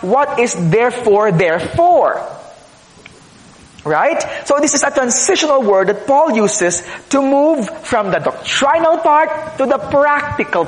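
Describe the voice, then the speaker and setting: A man preaching a sermon as pastor, teaching earnestly with rhetorical questions and repeated phrases. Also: very high-pitched. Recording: echoey hall, long reverb.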